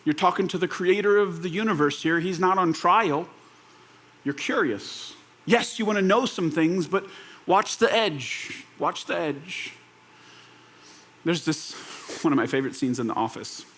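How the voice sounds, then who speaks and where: A young man preaching a conversational sermon, animated and relaxed, slipping into quoted voices and laughing now and then. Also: high-pitched, normal speed. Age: young adult. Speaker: pastor.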